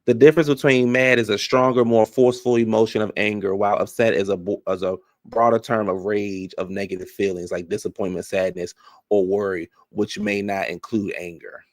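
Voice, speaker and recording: A man giving a sassy, casual recap of a reality show, talking back to what happened on screen, drawling some words and rushing others. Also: on the low side, steady tone, no room sound, studio quality.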